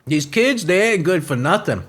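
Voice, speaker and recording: A man's voice: high-pitched, very animated, moderate pace, fairly bright tone. A man in his twenties hosting a satirical podcast, reading news stories aloud and mocking them with profane rants. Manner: profane, mocking, switches into goofy voices. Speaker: podcast host.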